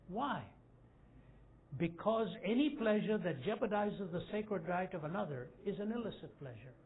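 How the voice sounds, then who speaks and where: A man in his sixties preaching a sermon to a group of men, telling stories that rise to loud, emphatic peaks. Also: sits high, animated, moderate pace. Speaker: evangelist speaker. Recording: tinny phone-like lo-fi recording with faint hiss.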